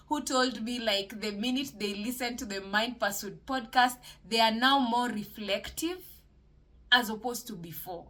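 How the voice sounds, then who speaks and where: A woman's voice: on the high side, sharp tone. A woman hosting a solo podcast, talking casually and encouragingly about mental health and faith, with many fillers and restarts. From Kenya.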